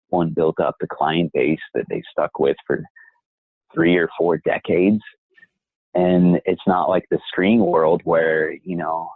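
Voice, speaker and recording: A man's voice: sits low, breathy edge, no room sound. Reflective young man on a tinny line. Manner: reflective, measured and encouraging. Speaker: voice actor guest. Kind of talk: interview conversation.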